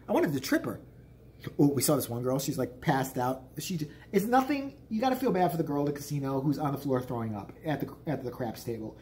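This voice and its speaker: A man's voice: a little high, sing-song, brisk, darkish tone, a little hiss or hum. A man in his forties telling a story as a vlogger, in a profane, exasperated, ranting way. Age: 40s.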